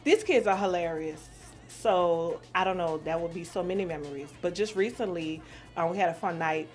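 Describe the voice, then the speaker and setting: A woman's voice: on the low side, moderate pace, darkish tone, soft background music. A woman in her forties from New Orleans, answering questions in a blunt, profane casual chat and laughing easily. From New Orleans, USA. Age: 40s.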